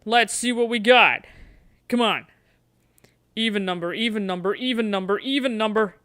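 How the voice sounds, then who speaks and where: A woman's voice: medium pitch, normal speed, a bit bright, no echo, clean studio sound. A woman streamer playing a gamebook on a livestream, chatting playfully and coaxing the dice.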